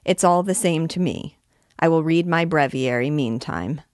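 A man's voice: on the high side, normal speed, no room sound, clean studio sound, lightly acted. A woman voicing a haughty, dismissive male churchman in a storybook reading. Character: bored haughty male cardinal, amused and dismissive.

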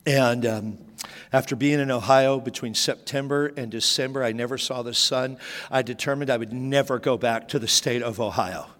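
A man's voice: mid-range voice, steady tone, normal speed, fairly bright tone. A middle-aged man preaching a sermon as a pastor, telling stories with frequent restarts. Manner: storytelling with repeated restarts. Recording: long hall reverb.

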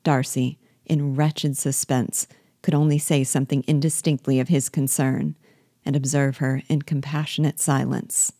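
A woman reading a classic novel aloud as a book guide, in a measured, clear storytelling manner. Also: very deep voice, flat delivery, warm tone, dry recording, clean studio sound.

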